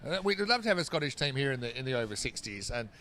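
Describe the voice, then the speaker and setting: This Australian man's live cricket commentary is very animated and quick, his mid-range voice pushed and bright. He fills the gaps between balls with chat before breaking off to describe the play.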